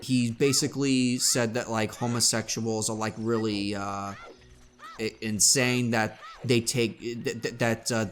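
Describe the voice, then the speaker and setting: A young man co-hosting a let's play, chatting casually in a rambling, halting way. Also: medium pitch, little pitch movement. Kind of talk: casual gameplay chat.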